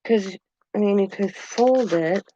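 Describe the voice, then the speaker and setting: This older craft channel host speaks a little slowly, her medium-pitched voice mellow, with slight background noise. Her chat at home is casual and meandering, punctuated by frequent chuckles, on a dull, dry lo-fi recording.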